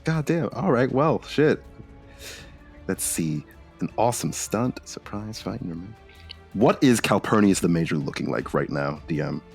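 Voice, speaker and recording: A man's voice: on the low side, expressive, normal speed, vocal fry, a little mellow, breathy edge, soft background music. A man playing a tabletop game in a laid-back way, cursing casually. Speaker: player.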